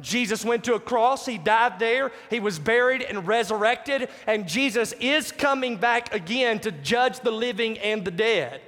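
Preacher guy w a really high voice, keeps asking the crowd questions, big echoey hall. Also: expressive, unhurried, few pauses, fairly bright tone. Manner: emphatic, repeats key phrases, asks the congregation questions. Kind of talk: sermon. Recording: long hall reverb.

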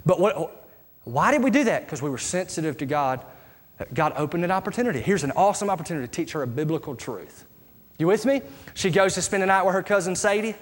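A middle-aged man preaching a sermon as pastor, asking his congregation rhetorical questions in an animated way. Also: sits high, fast talker. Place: church sanctuary. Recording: live church recording with reverb and music.

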